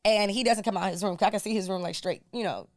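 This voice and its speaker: A woman's voice: mid-range voice, rapid-fire, no room sound, clean studio sound. A woman guest on a podcast, telling a personal story in casual, colloquial speech and acting out what people said. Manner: animated, colloquial storyteller who acts out dialogue.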